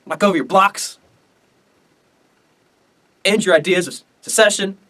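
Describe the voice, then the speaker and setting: A man's voice: high-pitched, a little slow, bright, forceful tone, voice pushed up. A guy doing a cocky taunting bro president. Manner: taunting, bragging.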